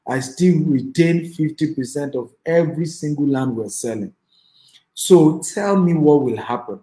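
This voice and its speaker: Running an online real estate class, a Nigerian-accented investor and trainer presses his points hard, repeats phrases and keeps asking the audience to type responses. His slightly high voice has a dark tone, captured in an echoey room on a low-quality recording.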